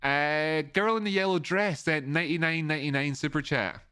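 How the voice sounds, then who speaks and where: On the high side and at normal speed, this man's sharp, clean voice carries an Edinburgh Scottish accent as he hosts a casual livestream. He rambles, often restarting, while reading donor messages and thanking viewers. The dry recording is studio quality.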